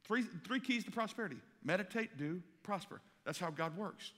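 A man, preaching a folksy sermon to teenagers, swinging from loud bursts to hushed asides. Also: sits high, animated, normal speed. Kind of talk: sermon to a youth audience. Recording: reverberant hall.

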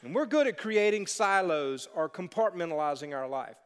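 Preaching from a church sanctuary with a long hall echo, this pastor has a high, smooth, slightly bright voice with lively intonation and a moderate pace. He weaves stories into his sermon, putting on playful voices for each character.

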